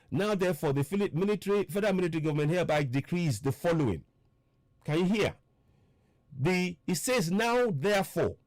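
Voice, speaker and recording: Emphatic man, lively pitch. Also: no room sound. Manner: emphatic, repetitive, urging listeners to listen. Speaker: political commentator. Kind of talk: impassioned online broadcast talk.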